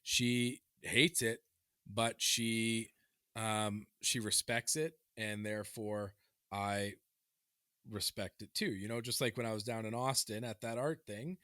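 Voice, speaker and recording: Bright-voiced, fired-up man ranting. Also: fairly low pitch, slow pace, no echo, clean studio sound. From Canada. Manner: heated, swearing, animated ranting. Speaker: podcast co-host. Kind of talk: casual chat.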